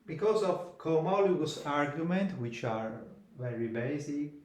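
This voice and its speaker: A man giving a mathematics lecture, slow and halting, pausing between phrases. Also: on the high side, lively intonation, a little mellow. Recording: echoey room, voice from far off.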